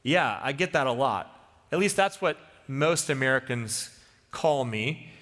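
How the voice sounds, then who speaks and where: A man preaching a sermon as a pastor, telling a story in the second person with lively, dramatic delivery. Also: medium pitch, a little slow. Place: church sanctuary. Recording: long church reverb.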